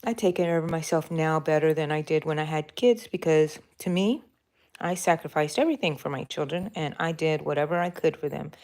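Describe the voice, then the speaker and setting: Low gravelly-voiced older woman chatting. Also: brisk, darkish tone. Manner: rambling and chatty, answers live chat. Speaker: crochet livestream host. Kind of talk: casual chat while crocheting. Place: at home by her bed.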